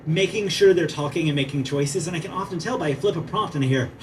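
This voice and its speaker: A man gives a conference talk in a museum theater, talking in an animated, conversational way and tossing in "right?" to check in with the crowd. His voice sits a touch high, picked up from a distance with faint room ambience behind it. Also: quick pace, noisy background. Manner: animated, asks "right?" often, chatty asides. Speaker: conference presenter and playwriting teacher.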